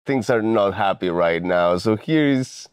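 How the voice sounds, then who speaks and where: A man co-hosting a podcast, telling an embarrassing story in a relaxed, amused way. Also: on the low side, measured pace, clear, resonant tone, no room sound, clean studio sound. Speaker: podcast co-host.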